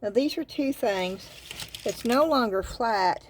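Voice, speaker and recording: A woman's voice: on the high side, slow pace, slight background noise. Chatty Southern woman gushing over bargains. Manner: chatty, excited about bargains, rambling asides. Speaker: craft vlogger. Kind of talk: casual haul and craft chat.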